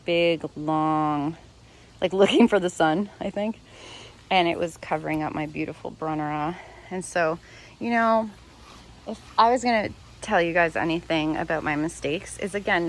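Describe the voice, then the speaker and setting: Filming outdoors on a handheld phone, a woman gives a casual tour of her home garden, chatting freely, laughing often, and correcting herself along the way. Her voice is lowish and a bit bright, with slight background noise.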